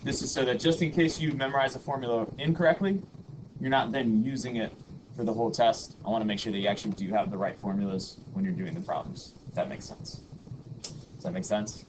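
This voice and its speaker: A man's voice: medium pitch, a little fast. A man teaching a math lesson to a class, patiently explaining formulas and leading the students in rhythmic chants to memorize them. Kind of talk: classroom lecture. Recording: audible background noise.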